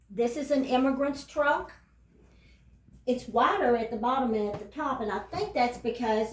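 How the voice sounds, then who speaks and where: A home cook and host, this older woman from Texas talks warmly and casually while touring her house and cooking a recipe in her kitchen. Her voice runs on the high side, with a little hiss or hum, and the recording is roomy and off-mic.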